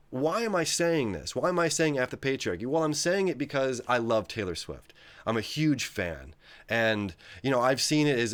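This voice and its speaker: A man talking casually on his own, rambling and conversational, often checking in with "right?" as he goes. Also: medium pitch. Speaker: astrology video host. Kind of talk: casual solo monologue.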